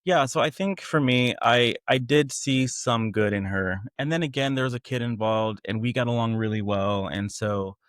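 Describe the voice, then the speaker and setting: A man, a podcast guest, candidly recounting a painful past relationship with animated retelling and frequent laughs at how absurd things were. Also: mid-range voice, moderate pace, few pauses, no echo, clean studio sound. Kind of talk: candid personal storytelling.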